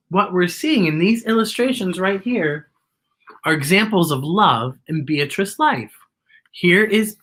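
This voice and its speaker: A woman reading a picture book aloud to children, animated and pointing out the illustrations. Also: on the low side. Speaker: children's storyteller.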